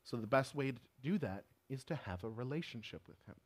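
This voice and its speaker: A man's voice: mid-range voice, animated, a little fast. A man giving a sermon in an earnest, emphatic preaching manner.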